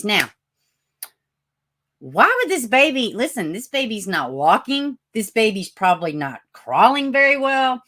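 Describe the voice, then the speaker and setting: A woman hosting a live stream with a raspy voice, chatting casually, greeting viewers by name and reading out news. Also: on the low side, sing-song, unhurried, pauses often, a bit bright. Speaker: livestream host.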